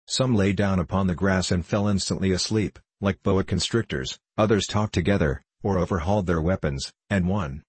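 A man narrating an adventure novel in a measured storytelling manner. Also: low voice, husky, dry recording. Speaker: audiobook narrator. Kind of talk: scripted narration.

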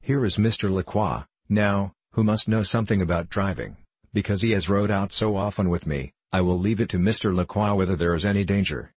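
A man voicing a loud, blustering, joking sleigh driver in a storybook reading. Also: sits low, a little fast, slightly rough, dry recording. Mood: indignant.

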